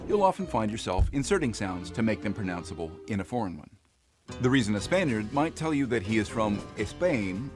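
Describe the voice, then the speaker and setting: A man narrating an educational explainer clip in a clear, engaging scripted style. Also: fairly low pitch. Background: background music.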